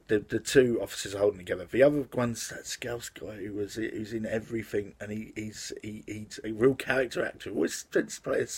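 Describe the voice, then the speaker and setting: A man's voice: on the low side, slightly rough. A man casually reviewing a film in his vlog, rambling with lots of fillers and restarts. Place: outside the house.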